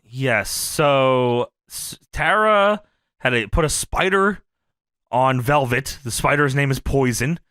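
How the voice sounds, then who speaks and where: A man's voice: mid-range voice, slow pace, smooth, no echo, clean studio sound. A man co-hosting a wrestling review podcast in casual chat, recapping scenes with lots of laughter. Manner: animated, recaps scenes and acts out quotes, laughs often. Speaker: podcast co-host. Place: podcast studio.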